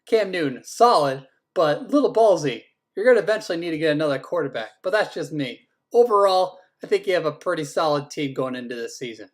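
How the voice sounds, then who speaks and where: A man's voice: a little high, lively intonation, a little fast, few pauses. A man acting as league commissioner, giving a casual, teasing run through each team's draft picks and swearing now and then. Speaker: fantasy football league commissioner. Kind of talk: casual team-by-team draft rundown.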